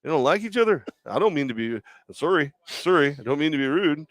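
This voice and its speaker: A man's voice: fairly high pitch, lively intonation, a little fast, no echo, lightly acted. A man putting on a Canadian accent to play a boozy, overly polite male coach who keeps apologizing. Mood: apologetic. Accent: Canadian, as put on.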